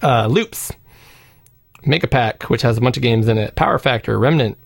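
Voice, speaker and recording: With a gravelly, medium-pitched voice at a moderate pace, a man co-hosts a casual retro-games podcast, reading out title lists and laughing frequently. The audio is studio quality, with no echo.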